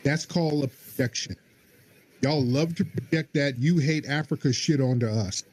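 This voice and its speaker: A man's voice: medium pitch, moderate pace, a little mellow, husky. A man hosting a call-in livestream show, talking in a combative, mocking way. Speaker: host.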